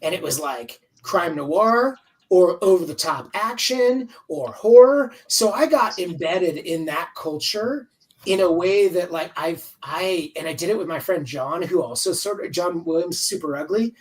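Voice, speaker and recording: A comics writer in his fifties is an interview guest on a video call, chatting in a rambling, candid way and swearing freely. His high voice is animated and unhurried, but it's recorded from a distance with poor audio.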